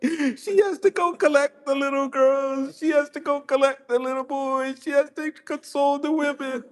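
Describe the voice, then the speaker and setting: A man delivers a Muharram mourning sermon in a mosque, weeping through his words. His voice sits strikingly high and strained with grief, and it swells into anguished cries. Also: steady tone, normal speed. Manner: impassioned, breaking into sobs, voice rising to cries. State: sobbing. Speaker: sheikh giving a mourning sermon. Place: mosque hall.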